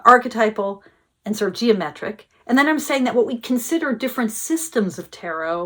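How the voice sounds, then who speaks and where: A woman with a mid-range voice teaches tarot in a reflective, explanatory way. She pauses on filler sounds and often asks whether her point makes sense. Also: medium pitch. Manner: thoughtful, checks in with listeners, many filler uhs. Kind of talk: explanatory talk to camera.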